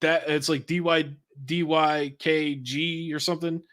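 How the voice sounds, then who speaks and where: A man's voice: a little high, level tone, unhurried, a bit bright. A man who is a podcast guest, talking in a laid-back, chatty way with casual swearing. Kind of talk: casual interview chat.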